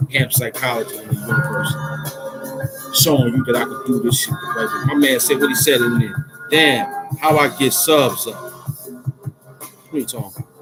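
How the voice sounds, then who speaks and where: A man from Harlem, freestyling and talking to camera in a swaggering, profane way, swinging from loud shouts to low mutters. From Harlem, New York. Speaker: rapper and vlogger. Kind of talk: freestyle rap and street talk to camera. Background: loud music.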